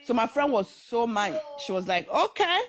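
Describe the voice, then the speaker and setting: A woman's voice: on the high side, normal speed. A young woman, telling her own story in a casual talk and acting out the voices of the people in it. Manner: animated, acts out the voices of others in her story.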